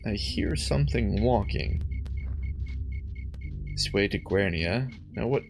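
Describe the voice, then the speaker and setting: Lively, joking let's play host. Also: male voice, on the low side, slow, gravelly, soft background music. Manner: lively, joking, reads game dialogue aloud. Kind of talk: casual game commentary.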